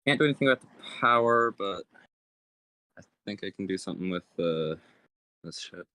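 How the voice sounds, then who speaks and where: A man's voice: low voice, expressive, a little fast, pushed and bright, no echo. A man chatting casually with his gaming group about a power cut. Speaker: player. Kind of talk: casual chat.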